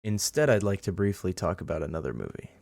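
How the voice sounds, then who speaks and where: A laid-back young man co-hosting a casual podcast, speaking evenly with frequent ums and uhs. His voice sits a little low. The recording is dry and close. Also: gravelly, dry recording. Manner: laid-back, even-toned, fills pauses with um and uh. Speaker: podcast co-host. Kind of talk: casual chat.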